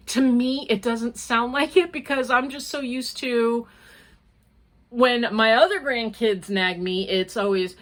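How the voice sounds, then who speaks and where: Older lady crochet vlogger, high-ish voice, rambly and giggly, just chatting away. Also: measured pace. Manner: chatty and rambling, laughs often. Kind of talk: casual chat.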